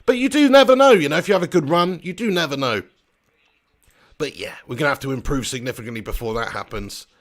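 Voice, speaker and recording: Talkative male streamer with a slightly high voice, banter-heavy commentary. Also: quick pace. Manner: chatty, jokey, rambling, banter-heavy. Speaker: football watch-along streamer. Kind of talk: live match commentary and chat.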